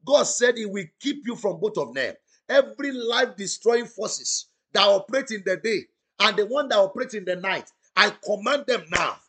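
This man's voice is high-pitched and a little husky, fairly bright, with lively intonation and a moderate pace. Praying prophetically during an online broadcast, the pastor fervently repeats declarations, slips into tongues, chants, and forcefully calls on listeners to answer.

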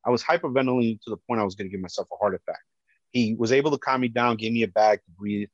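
Earnest man, halting testimony. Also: fairly low pitch, no echo. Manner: halting, earnest, many restarts. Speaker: police officer recounting a rescue. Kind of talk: personal testimony. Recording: dull lo-fi dry sound.

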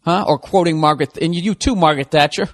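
A middle-aged man hosting a podcast, delivering a profane comedic rant that swings from loud outbursts to low mutters. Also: fast. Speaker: podcast host.

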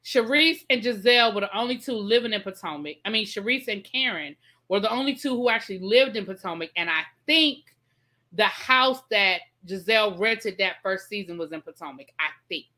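Bright-voiced woman hosting a chatty live stream. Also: mid-range voice, animated, a little fast. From Washington, D.C. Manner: chatty, explains patiently, reads out viewer comments. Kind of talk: casual live-stream chat.

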